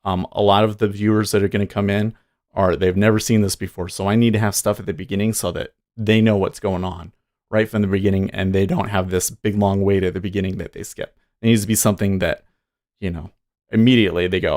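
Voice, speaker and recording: A man's voice: lowish voice, fairly even intonation, a little fast, a little mellow. A man chatting casually on a live trading stream, rambling and chuckling often.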